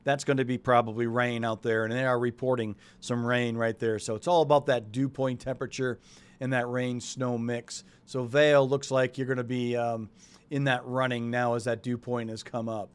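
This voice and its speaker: A man's voice: medium pitch, flat delivery, normal speed, clean tone. A man from New England hosting a weather show, talking loosely and chattily and thinking aloud as he walks through the forecast. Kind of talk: casual live weather talk.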